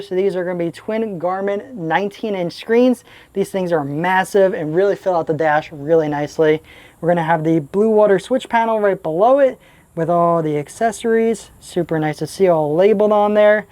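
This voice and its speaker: A woman's voice: lowish voice, mellow, no room sound. Upbeat woman giving a boat walkthrough. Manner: upbeat, chatty, listing features. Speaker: boating channel host. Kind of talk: casual boat walkthrough tour. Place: aboard a boat.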